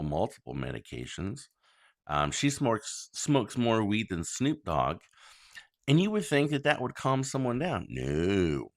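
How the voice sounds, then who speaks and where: A man's voice: low-pitched, fairly bright tone, no echo, studio quality. A man speaking as a father making a public plea to listeners, blunt and indignant, with many ums and some swearing. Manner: indignant, complaining. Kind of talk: monologue to listeners.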